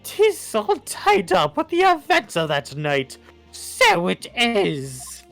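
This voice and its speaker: A woman's voice: fairly high pitch, huge pitch swings, vocal fry, fairly bright tone, soft background music, pitched below the performer's own voice, full character voice. A woman voicing a boisterous older Irish man in a put-on leprechaun accent for a fan dub. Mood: hammy. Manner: hammy, drawn-out storytelling.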